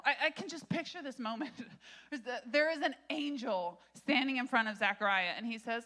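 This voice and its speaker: A woman in her thirties, a pastor, giving an animated, conversational sermon with frequent laughter. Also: a little high, normal speed.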